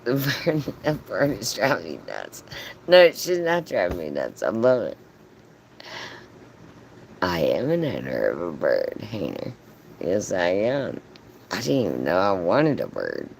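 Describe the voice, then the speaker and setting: A man's voice: sits low, wildly swooping pitch, unhurried, vocal fry, long pauses, slight background noise. A man telling a casual, profane story on a livestream, laughing often as he talks. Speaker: live streamer.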